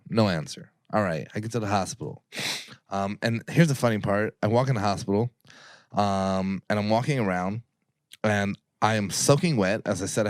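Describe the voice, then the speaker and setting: Podcast guest, male, low-ish voice, profane rambling storyteller, dry close sound. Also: no room sound. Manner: profane, rambling, acts out quoted people. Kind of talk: casual storytelling.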